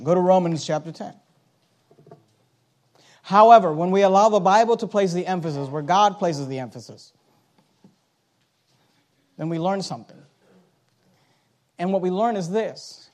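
A man preaching a sermon with emphasis, driving points home loudly and then dropping to quiet asides, and reading scripture aloud. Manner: emphatic, swings from loud urgent points to low quiet asides; reads scripture aloud in old-fashioned wording.

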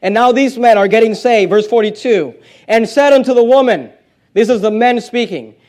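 A man's voice: extremely high pitch, moderate pace, a little mellow. A man preaching a sermon, reading scripture aloud with emphatic stresses and plain conversational asides between readings.

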